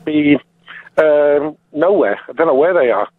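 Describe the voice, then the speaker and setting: A man's voice: on the high side, expressive, measured pace, no room sound. Blunt male caller on a tinny line. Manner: hesitant, full of ums, blunt. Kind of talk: phone-in call.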